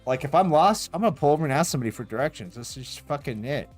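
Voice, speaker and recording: A man's voice: on the high side, fast, soft background music. Profane rambling male streamer. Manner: profane, rambling, animated retelling with laughs. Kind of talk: casual storytelling while streaming.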